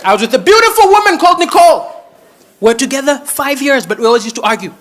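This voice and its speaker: High-voiced man doing stand-up. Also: fast talker, some chatter behind. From Malawi. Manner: animated, exaggerated punchlines and acted-out voices. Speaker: stand-up comedian. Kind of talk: stand-up comedy set. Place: large theatre stage. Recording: roaring live audience, noisy stage mic.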